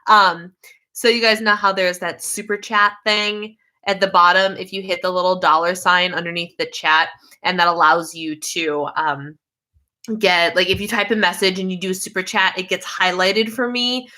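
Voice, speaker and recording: A woman's voice: fairly low pitch, fairly even intonation, moderate pace, pushed and bright. A woman hosting a casual livestream, chatty and easily sidetracked, with lots of fillers. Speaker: YouTube livestream host.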